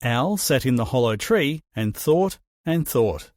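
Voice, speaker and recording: A man narrating a children's storybook with an expressive reading. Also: mid-range voice, measured pace, few pauses, no echo, studio quality.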